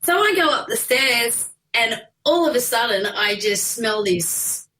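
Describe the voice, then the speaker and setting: Animated woman singer telling stories. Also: a little high, unhurried, rough recording. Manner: laughing, animated anecdote telling with acted quotes. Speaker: singer, guest. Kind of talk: casual storytelling chat.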